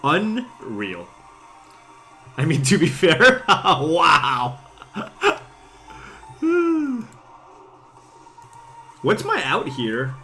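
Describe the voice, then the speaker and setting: A man's voice: on the high side, very animated, extremely slow, long pauses, pushed and bright, faint music behind. A slightly tipsy man, a gaming streamer, telling a rambling casual story full of fillers, restarts and laughs. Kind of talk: casual storytelling chat while playing.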